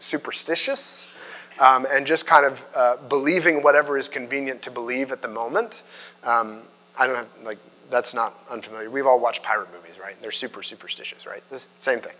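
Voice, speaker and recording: A pastor talks through a sermon in a chatty, animated way, with frequent fillers. His voice is bright and fairly high. A long reverb trails behind him in the hall. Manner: conversational, animated, filler-heavy.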